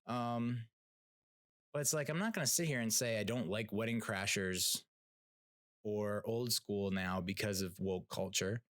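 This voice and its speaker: A man with a fairly low voice talks through a solo podcast rant, loose and unscripted, stumbling over restarts and fillers. He is blunt and swears freely. The sound is dry and close, with no room around it. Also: unhurried, fairly bright tone, no echo. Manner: rambling, many fillers and restarts, blunt and profane. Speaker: podcast host. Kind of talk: casual solo rant and TV review.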